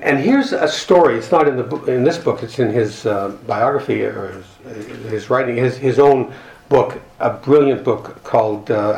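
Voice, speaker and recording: A man's voice: medium pitch, reverberant, poor audio. A man speaking at a recovery group meeting, reading passages from a book and telling stories in an earnest, reflective way with wry humor. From Canada. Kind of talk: personal talk reading from a book.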